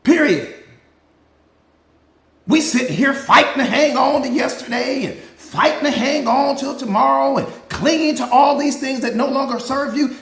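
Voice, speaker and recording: Male mindset coach, very high voice, preachy live motivational talk full of repetition, echoey room. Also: vocal fry. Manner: preachy, repetitive, fires rhetorical questions; greets viewers by name mid-talk.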